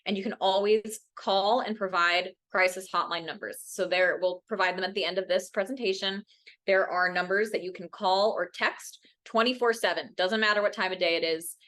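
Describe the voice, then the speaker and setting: A woman's voice: steady tone, normal speed, fairly bright tone. A woman mental health educator giving a parent workshop presentation, earnest, often checking in with "right?" and acting out quoted voices. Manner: acts out quoted voices with big pitch jumps. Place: workshop room.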